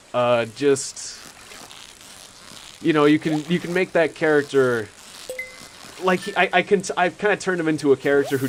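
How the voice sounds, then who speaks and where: A man's voice: on the high side, a little hiss or hum, rough recording. Rambling young man chatting on stream. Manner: rambling, laughs often, self-interrupting. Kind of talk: casual chat while playing a game.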